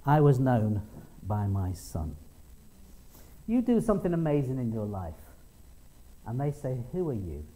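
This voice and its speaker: A middle-aged man preaches conversationally in a warm, medium-pitched voice with big pitch swings, talking a little slowly and leaving long pauses. On this poor audio, he tells stories, restarts, and quotes people in small acted voices.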